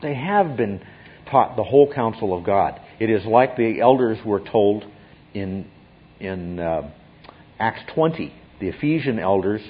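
Male Bible teacher, husky voice, emphatic teaching delivery, muffled lo-fi recording. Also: fairly low pitch, expressive, measured pace. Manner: emphatic, often checks in with "okay?".

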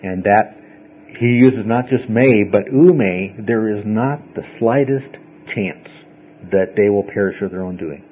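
A man's voice: fairly low pitch, a little slow, slightly rough, narrow, tinny audio. A man teaching a Bible study class to a group, explaining step by step in a conversational way and often checking in with "okay?". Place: classroom with listeners.

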